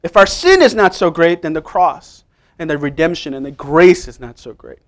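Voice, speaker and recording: Man, pastor, sermon, emphatic, quiet to loud, slightly high voice. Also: animated, moderate pace.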